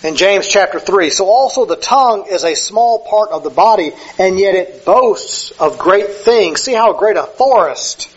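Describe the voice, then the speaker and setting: A man's voice: sits high, animated, measured pace, hardly any pauses, breathy edge, muffled recording. A man preaching a conversational sermon, often correcting himself and acting out quoted lines. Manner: conversational, self-correcting, acts out quoted speech. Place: church sanctuary with slides.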